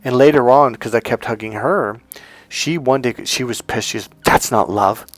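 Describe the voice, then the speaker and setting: Brief: male dating coach, mid-pitched, lively storyteller, dry close sound. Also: normal speed, no room sound. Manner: animated storyteller, acts out quotes. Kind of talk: casual monologue with personal stories.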